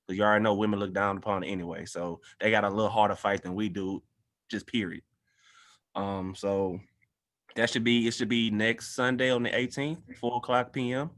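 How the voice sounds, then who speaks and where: A man hosts a casual podcast discussion. His voice sits fairly low but rings bright and forward. He talks in a loose, earnest, conversational way. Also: steady tone, a little fast. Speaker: guest host.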